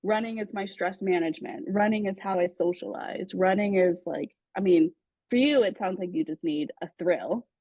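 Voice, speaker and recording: A woman's voice: medium pitch, normal speed, slightly rough, no room sound. A woman host and coach in a casual interview, asking reflective, supportive questions. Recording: dull lo-fi dry sound.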